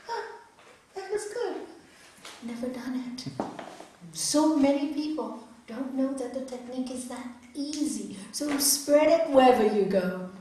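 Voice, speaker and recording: Middle-aged woman yoga teacher talking to a crowd, highish voice, big echoey hall, mic kinda far off. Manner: earnest, expressive, acts out quotes. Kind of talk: spiritual talk to an audience. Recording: echoey hall, distant mic, faint noise.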